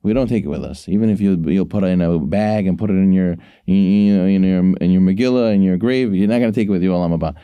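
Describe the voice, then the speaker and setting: A man's voice: low-pitched, quick pace, few pauses, clear, resonant tone, no room sound, narrow, tinny audio. A man co-hosting a casual talk show, telling a Torah story and acting out the voices in it. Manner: preachy, storytelling, acts out quotes. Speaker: co-host. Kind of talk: casual sports talk, giving a short Torah lesson.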